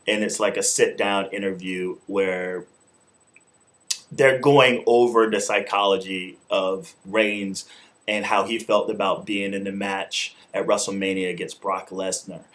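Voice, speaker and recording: A man's voice: fairly low pitch, fairly bright tone. A man hosting his own video show, giving a loose, informal spoken review in casual slang with some swearing. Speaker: show host and wrestling reviewer. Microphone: camera mic, talking to camera.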